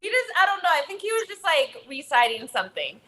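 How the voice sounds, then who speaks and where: A woman's voice: very high voice, quick pace, rough recording. A woman co-hosting a casual podcast chat, telling stories with lots of laughter. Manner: animated storyteller, laughs often. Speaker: podcast co-host.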